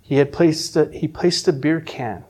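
A middle-aged man telling his personal faith testimony, earnest and emotional, often restarting his sentences and dropping from loud to hushed. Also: fairly high pitch, unhurried, breathy edge. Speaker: testimony speaker.

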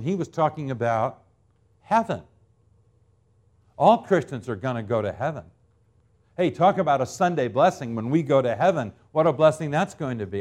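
Pastor, man, 50s, a touch high-pitched; deliberate, dramatic delivery that drops to near-quiet and surges back. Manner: emphatic preaching with dramatic swings between loud and soft; drawn-out, deliberate phrasing on key words. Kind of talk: sermon.

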